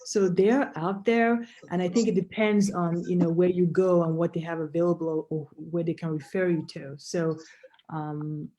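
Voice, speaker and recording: A woman with a low, mellow voice speaks as a doctor on a video-call panel. She explains things patiently, pausing on fillers and restarting her sentences as she goes. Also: little pitch movement, dull audio. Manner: measured, explanatory, with frequent fillers. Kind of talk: panel discussion answer.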